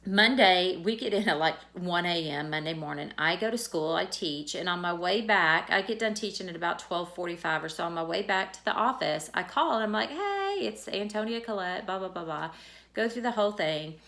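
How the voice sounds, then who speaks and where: Middle-aged woman, a bit of fry, chatty and candid, vlog storytelling. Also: fairly low pitch, a little fast, hardly any pauses, bright, forceful tone. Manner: candid, conversational, retells dialogue. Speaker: teacher.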